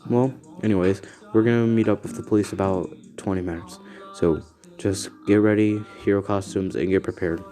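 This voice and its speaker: A man's voice: on the low side, steady tone, moderate pace, dark tone, faint music behind, natural voice. A man voicing a woman who briefs the heroes in a rambling, offhand way. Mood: casual. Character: bossy female hero agency leader.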